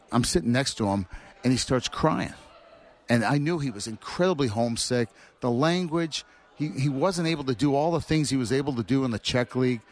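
A man, a former player, telling animated anecdotes as a guest. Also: medium pitch. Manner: animated storyteller acting out quotes. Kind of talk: anecdotal storytelling.

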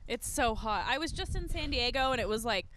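A woman's voice: on the high side, lively intonation, brisk, fairly bright tone, a little hiss or hum, low-quality recording. A woman co-hosting a podcast in casual chat outdoors by a pool, telling stories candidly with swearing and laughter. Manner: candid, profane, laughing storyteller. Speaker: podcast co-host.

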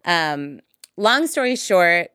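A woman tells a story in a casual conversation, swearing freely and talking with animated energy. Her voice sits a little low and comes across smooth and clear. The sound is dry and close. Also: slow, no room sound. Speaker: touring musician, guest.

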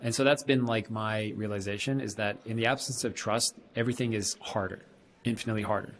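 A man co-hosting a casual chat, speaking in a thoughtful, measured way. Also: lowish voice, fairly even intonation.

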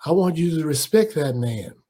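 A proud, commanding boxing champion, as a man impersonates him in the middle of a story. The voice jumps well above the storyteller's own pitch and pushes out loud and emphatic, with a husky edge. He lectures with force. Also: animated, normal speed. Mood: indignant. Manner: loud, emphatic, preaching about respect. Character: impression of a famous boxer, commanding proud man.

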